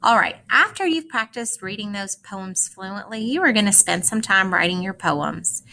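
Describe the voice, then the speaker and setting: A woman teacher gives a recorded lesson, reading short poems aloud slowly and carefully and telling students how to practice them. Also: medium pitch, lively intonation, pushed and bright. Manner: slow, careful, instructive read-aloud with clear phrasing.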